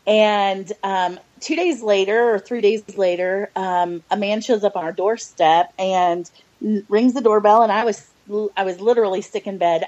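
A middle-aged woman, an adoptive mother appearing as a podcast guest, shares a heartfelt personal faith testimony, earnest and hesitant, full of fillers and close to tears. Her voice is mid-range and a little mellow, captured in dull lo-fi audio.

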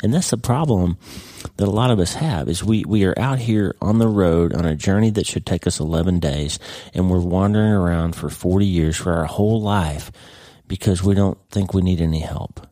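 Deep, dark-voiced man giving a devotional talk. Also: normal speed, no room sound, clean studio sound. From United States. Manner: rambling, earnest, frequent restarts. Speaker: podcast host.

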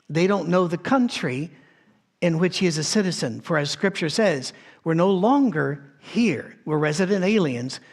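Male pastor, mid-high voice, conversational sermon, storytelling, frequent restarts. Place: soundstage.

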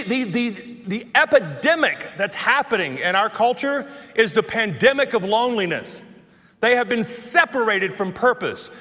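A man's voice: high-pitched, sharp tone. A male preacher delivering an impassioned sermon, repeating phrases for emphasis. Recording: long hall reverb.

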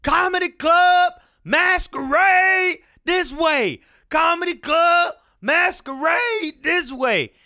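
A man voicing an old street hustler with a cane who shouts high and strained from a distance. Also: slow, few pauses, no room sound, clean studio sound, full character voice. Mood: shouting.

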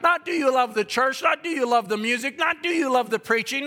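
A man preaching a sermon, building to shouted peaks and dropping to slow, hushed reading, with emphatic repetition. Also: very high voice.

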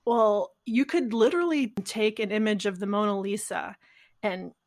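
Woman podcast cohost, thinks out loud, trails off, normal pitch. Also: normal speed. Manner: rambling, reflective, trails off mid-thought. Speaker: podcast co-host. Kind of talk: casual conversation.

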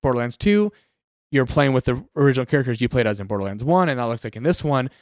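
Lively storytelling man with a smooth voice. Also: mid-range voice, fast, no echo, studio quality. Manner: animated storyteller, acts out quotes. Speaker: podcast co-host. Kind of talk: casual gaming chat.

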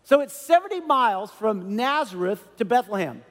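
A man preaching a sermon as a pastor, animated and conversational, with many asides to the congregation. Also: sits high, moderate pace, big-room sound.

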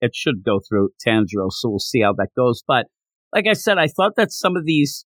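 A man co-hosting a podcast, chatting casually about a manga chapter and acting out characters' lines in quick voices. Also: medium pitch, sing-song, a bit bright, dry recording. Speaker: podcast co-host.

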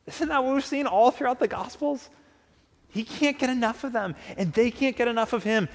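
A man's voice: very high voice, normal speed, a little hiss or hum. A man preaching a conversational sermon, often acting out imagined dialogue. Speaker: pastor. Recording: long hall reverb.

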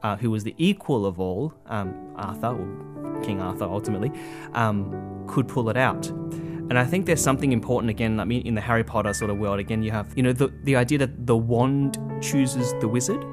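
A man's voice: medium pitch, fairly quick, music in the background. A man giving a conversational religious talk, earnest and full of asides like "you know" and "right?", often restarting his sentences. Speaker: Catholic speaker.

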